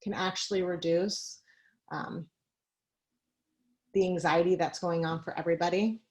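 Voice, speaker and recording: A guest speaker on a video call gives a conversational talk, blending personal stories with practical advice and a few light laughs. Her voice is fairly low and a little mellow, and the recording quality is low.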